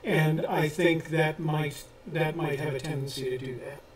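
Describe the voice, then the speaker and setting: A man with a slightly high voice explains things carefully in a relaxed live chat, pausing often on "uh". He sits a little back from the microphone. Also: a little hiss or hum. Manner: measured and explanatory, with frequent "uh" pauses. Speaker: co-host of a treasure-hunt channel. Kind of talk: casual live chat answering viewer questions. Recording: voice a little distant from the mic.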